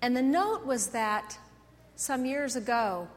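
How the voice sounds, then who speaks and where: Woman pastor, high-pitched, animated storyteller; recorded in a reverberant sanctuary. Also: slow. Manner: animated storytelling, swings between loud and soft. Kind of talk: sermon. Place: church sanctuary. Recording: echoey church hall.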